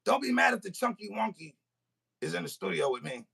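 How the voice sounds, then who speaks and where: A man's voice: sits high, big pitch swings, brisk, gravelly, heavy background noise. A man hosting a podcast, telling a comic story in a rant and acting out both sides of a phone call. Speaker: podcast host. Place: recording studio.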